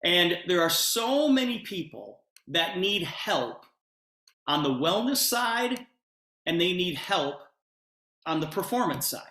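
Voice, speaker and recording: Guy pitching a business opportunity on a video call, tells it like a story doing both voices, bright punchy tone, echoey room. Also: big pitch swings, slow pace. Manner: retells conversations, voicing both sides of the dialogue. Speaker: presenter at an online business opportunity meeting.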